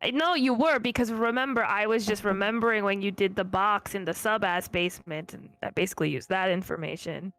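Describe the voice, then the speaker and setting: A woman at a game table chats in a playful, casual way. Her voice is bright and clear, with faint music underneath. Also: medium pitch, a little fast, hardly any pauses. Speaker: player.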